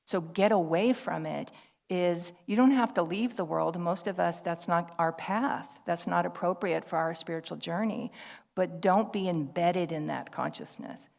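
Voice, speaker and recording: Woman pastor, low and gravelly, telling stories in a sermon to a congregation, reverberant hall sound. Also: measured pace. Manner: conversational, warm storytelling with laughter and quoted dialogue. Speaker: minister. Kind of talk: personal sermon storytelling. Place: church service hall. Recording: long reverb of a large hall.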